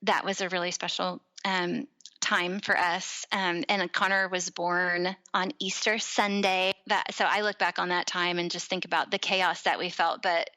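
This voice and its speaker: A woman's voice: fairly low pitch, moderate pace, low-quality recording. A woman in her thirties, a podcast guest, telling a personal story in casual chat and acting out the quoted voices. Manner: animated, acts out quoted voices.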